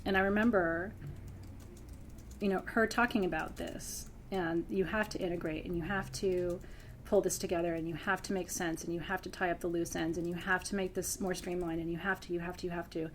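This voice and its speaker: A woman who teaches spiritual practice, talking earnestly to her students close to tears, dropping to a hush and then rising with bright laughs. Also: fairly low pitch, fairly even intonation, fairly quick, slight background noise. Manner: earnest, swings between hushed intensity and laughing brightness. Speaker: spiritual teacher hosting a member Q&A. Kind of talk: emotional heartfelt address to students.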